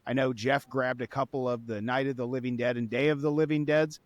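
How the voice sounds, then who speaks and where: A man's voice: medium pitch, level tone, fairly quick, no room sound. A man co-hosting a podcast, chatting casually, swearing freely and saying y'all, with a sponsor read. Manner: laid-back, swears casually, says y'all. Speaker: podcast co-host.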